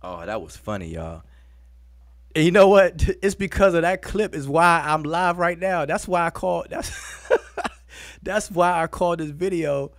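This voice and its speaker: A man's voice: fairly high pitch, lively intonation, a little slow, no echo, clean studio sound. Laughing man hosting a live stream. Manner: breaks into long fits of laughter; informal, addresses viewers as y'all. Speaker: host of a live video show. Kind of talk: casual live-stream commentary.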